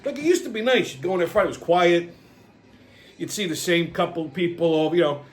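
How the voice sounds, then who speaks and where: A fed-up man with a noticeably high voice rants straight to his audience, cursing freely. He trips over himself with stammered restarts as his aggravation builds, sounding worn out by the people around him. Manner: exasperated, sweary, rapid restarts and stammers. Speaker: channel host. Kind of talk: profane ranting monologue.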